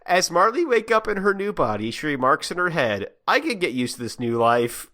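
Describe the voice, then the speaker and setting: A man reads fan fiction aloud on a casual podcast, his voice bright and forward. His pitch swings freely as he narrates and trades jokes with his co-host. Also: fairly quick. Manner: animated, laughing reader.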